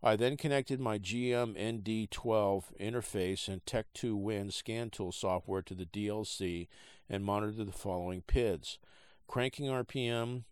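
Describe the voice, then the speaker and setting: A man hosting a podcast, reading a trade article aloud in a halting, casual way with many fillers, and he has the hiccups. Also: on the low side, clean tone, dry recording. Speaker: podcast host.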